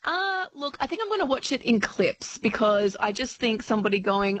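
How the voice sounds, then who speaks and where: A woman's voice: fairly high pitch, very animated, normal speed, rough recording. A woman giving a blunt, casually dismissive opinion on air. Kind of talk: opinionated radio comment.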